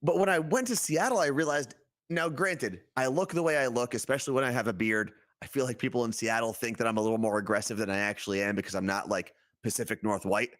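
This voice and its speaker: Speaking quickly with a fairly low voice, a middle-aged New Jersey man co-hosts a laid-back podcast conversation in his local accent. His storytelling is animated, and he plays out each quote he repeats.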